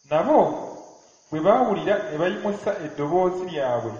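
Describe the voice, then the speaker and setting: Loud, emphatic male scripture reader. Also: high-pitched, lively intonation, a little fast. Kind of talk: reading scripture aloud. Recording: very echoey hall, dull sound.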